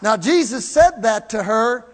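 A man preaching a sermon to his congregation, animated, swinging between loud and hushed, with jokey asides. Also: sits high, unhurried. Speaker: pastor. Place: church. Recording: long hall reverb.

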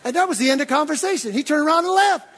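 An older man preaching, telling a story from the pulpit, swinging between low, quiet asides and loud, excited outbursts. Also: very fast. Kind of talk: sermon storytelling. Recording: long reverb of a large hall.

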